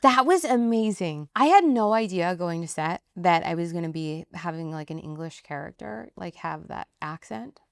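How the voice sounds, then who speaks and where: Actress guest, woman, lively and chatty, clean dry studio voice. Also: lowish voice, moderate pace, creaky, hardly any pauses, smooth, no room sound. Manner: animated, chatty, laughs easily. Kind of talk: casual interview chat.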